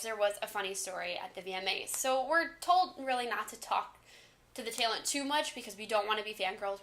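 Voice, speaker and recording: A woman in her twenties telling a storytime vlog, talking fast in an excited, gushing way. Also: medium pitch. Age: 20s. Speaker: vlogger.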